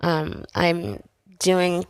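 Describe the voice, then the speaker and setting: A middle-aged woman from Canada, a podcast guest sharing a personal faith story in animated conversation. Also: lowish voice, drawn-out words, smooth, no room sound. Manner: animated storytelling, acting out voices in quotes.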